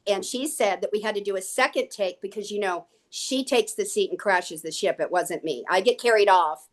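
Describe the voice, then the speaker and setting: A woman guest on an interview show, telling lively anecdotes and acting out what people said. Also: medium pitch, moderate pace. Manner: lively, animated anecdotes with acted quotes. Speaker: guest actress. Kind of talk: casual interview storytelling.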